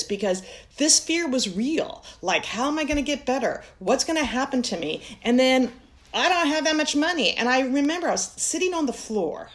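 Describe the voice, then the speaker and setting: A woman in her fifties teaching a mindfulness lesson, telling a personal story in an earnest, heartfelt way. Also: fairly high pitch.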